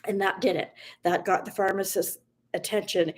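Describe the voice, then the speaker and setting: A woman hosts a morning livestream and reads an inspirational story to her listeners. Her mid-pitched voice is gentle and unhurried, often easing into soft, near-whispered phrases. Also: steady tone. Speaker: host of a motivational livestream. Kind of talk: inspirational talk and story reading.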